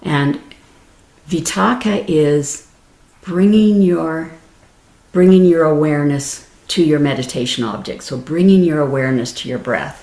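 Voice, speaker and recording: A woman meditation teacher giving a gentle, explanatory dharma talk, laughing easily and restarting her phrases. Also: low-pitched, unhurried. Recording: roomy echo.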